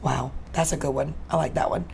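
A woman's voice: deep voice, fairly even intonation, a little fast, gravelly, over a noisy crowd, low-quality recording. A young American woman co-hosting a podcast, asking curious questions in a casual, laughing chat. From United States. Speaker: podcast co-host. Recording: faint background noise.

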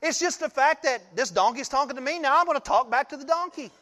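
A male pastor giving a sermon, telling the story in an animated way and often laughing. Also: extremely high pitch, fast, big-room sound.

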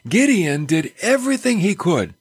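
A man delivers a folksy radio sermon from a studio, throwing in playful asides. His voice sits a little high and swings widely in pitch. It has a husky edge, recorded dry and close, with faint music behind. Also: moderate pace, no echo. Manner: folksy, animated, joking asides. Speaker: radio Bible teacher and host.

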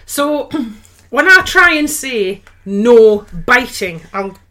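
Lively, laughing woman podcast co-host. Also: sits high, slow. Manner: laughs often, playful and teasing. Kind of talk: casual chat.

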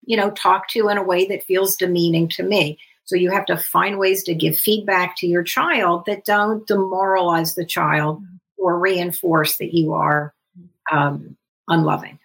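A woman psychologist speaking as a guest in a podcast interview, explaining in a measured, instructive way. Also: lowish voice, steady tone, gravelly, a bit bright.

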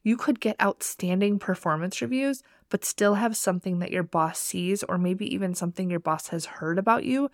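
A woman's voice: medium pitch, moderate pace, hardly any pauses, no echo. Upbeat woman podcast host, dry sound. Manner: upbeat, motivational, direct. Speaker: podcast host and career coach. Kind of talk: scripted podcast intro and solo talk.

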